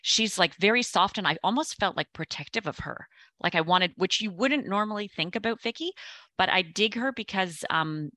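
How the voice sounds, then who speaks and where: Chatty middle-aged woman, bright voice. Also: medium pitch, expressive, moderate pace, no echo. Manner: chatty storyteller, acts out quoted voices. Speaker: podcast guest. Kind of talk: casual chat.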